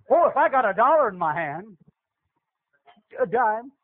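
A man preaching a sermon, calling out to the congregation with animated back-and-forth questions. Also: very high voice, normal speed, long pauses, a little hiss or hum. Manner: animated call-and-response preaching. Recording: tinny lo-fi radio broadcast.

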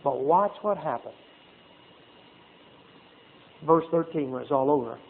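A man's voice: fairly high pitch, expressive, measured pace, vocal fry, a little hiss or hum. A man preaching a folksy sermon, reading scripture and acting out little asides. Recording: tinny phone-like sound.

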